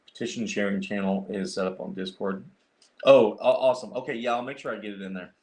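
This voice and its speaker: A man with a lowish voice hosts a casual livestream, talking quickly with fairly even intonation and a slightly mellow tone. He rambles to his viewers, full of fillers and restarts, while clicking around on his computer.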